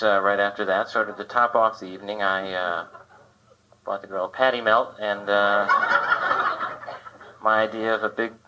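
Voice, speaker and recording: A man performing a live stand-up comedy set at a club, dry and self-deprecating, riffing with the crowd. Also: on the low side. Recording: dull lo-fi 1980 live tape with hiss. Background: audience laughter.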